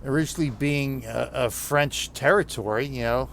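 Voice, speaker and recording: A man's voice: medium pitch, moderate pace, creaky, fairly bright tone, a little hiss or hum. An American man with a Northeastern accent chatting with viewers while he plays, rambling and laughing often. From United States. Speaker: streamer. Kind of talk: gameplay commentary chatting with viewers.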